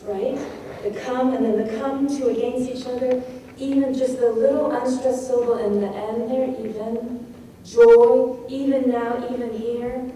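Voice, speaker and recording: A woman lectures on a poem's craft, her voice fairly high and mellow as she reads lines with emphasis and reflects on them. The distant recording was made in a lecture hall and is heavily echoey, with a faint layer of noise.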